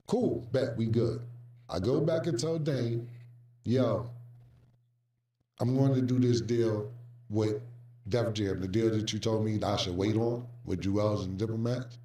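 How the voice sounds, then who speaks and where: Man, storytelling, animated, slangy, acts out voices, distant mic, echoey room. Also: on the low side, a little slow. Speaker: storyteller recounting music business past. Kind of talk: casual anecdote telling.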